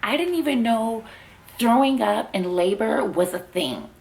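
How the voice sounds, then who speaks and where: A woman's voice: fairly high pitch, animated, unhurried, creaky, a little mellow. A young woman vlogger telling a long personal story to camera in casual chat, saying "like" constantly and laughing often, recorded at home. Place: at home with her baby.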